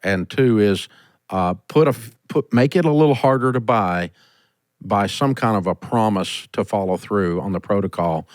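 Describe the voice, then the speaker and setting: Middle-aged guy radio host, blunt, lively storyteller, dry studio mic, no room sound. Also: lowish voice, moderate pace, dry recording. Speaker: host giving business advice. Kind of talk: call-in show advice.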